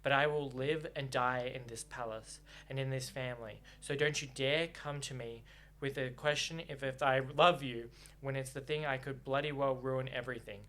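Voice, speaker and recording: A man's voice: medium pitch, steady tone, normal speed, a bit bright, natural voice. A man reading aloud as a young prince and heir who speaks in cutting, bitter, sworn outbursts. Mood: bitter anger.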